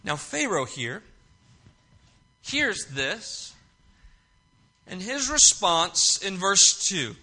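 High, bright-voiced preacher man. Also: lively intonation, takes it slowly. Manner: reads scripture then explains it, with frequent restarts and emphatic repetition. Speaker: pastor. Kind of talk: sermon.

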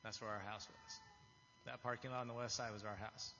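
In a church hall before an audience, a lay man preaches a testimony sermon in an earnest, confessional way, often restarting phrases. His fairly low voice is steady, a bit fast, bright and forceful. The recording is dull and reverberant with some hiss or hum.

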